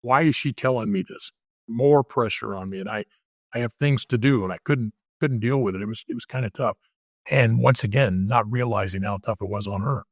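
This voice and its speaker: A man's voice: medium pitch, brisk, no room sound, clean studio sound. An older man, a retired detective, telling candid stories as an interview guest. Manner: plainspoken, candid storytelling. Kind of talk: casual interview storytelling.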